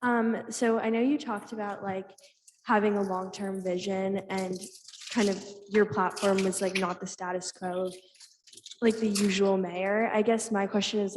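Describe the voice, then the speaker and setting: A young woman in the audience posing a question, hesitant and filler-heavy. Her delivery stays flat and even in pitch. Long hall reverb and faint background noise surround her voice. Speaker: student asking a question.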